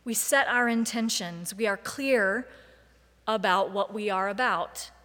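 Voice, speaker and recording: A woman preacher giving a sermon, with a measured, deliberate delivery and emphatic lists. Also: mid-range voice, fairly bright tone, big-room sound.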